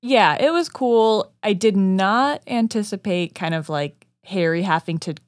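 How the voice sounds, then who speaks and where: A woman co-hosting a casual podcast, talking in quick chatty bursts full of "like". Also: medium pitch, dry recording, clean studio sound. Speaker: podcast co-host, first-time reader.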